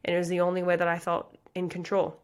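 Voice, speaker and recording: A woman in her thirties from the American Midwest, a pageant coach, hosts her own motivational podcast. Her voice is lowish and smooth, and she talks quickly with a completely flat delivery. Even so, she speaks earnestly and passionately, using lots of casual fillers.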